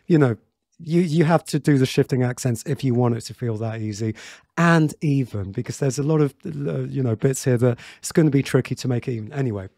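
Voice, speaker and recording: A man's voice: mid-range voice, brisk, vocal fry, warm tone, no echo, studio quality. A man teaching a piano tutorial in a chatty way, with many fillers and restarts, counting beats aloud.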